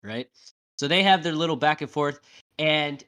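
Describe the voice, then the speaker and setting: A man recaps a TV episode on his podcast in loose, animated talk, peppered with swearing. His voice sits a little high for a man. He keeps checking in with his co-host through tag questions and acts out the characters' lines as he goes. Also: moderate pace.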